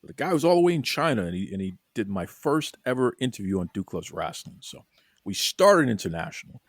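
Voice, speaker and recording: A man's voice: fairly low pitch, fairly quick, no echo, clean studio sound. Boston man hosting a podcast. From Boston, USA. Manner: energetic, folksy, repeats words. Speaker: podcast host. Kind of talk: casual podcast interview.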